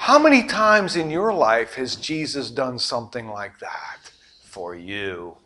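A middle-aged man preaching a sermon, telling the story with great animation, jumping between loud exclamations and quiet asides. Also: medium pitch, unhurried, slight background noise. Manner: animated storytelling, acting out voices and sound effects. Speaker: pastor.

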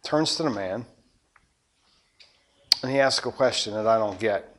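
A man preaching a sermon, animated, acting out scenes and shifting between loud and soft. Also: on the low side, measured pace. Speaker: pastor.

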